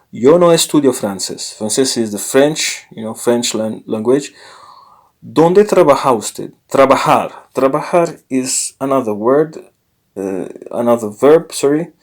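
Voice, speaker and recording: A man teaching a casual language lesson, explaining slowly with many fillers and self-corrections. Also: mid-range voice.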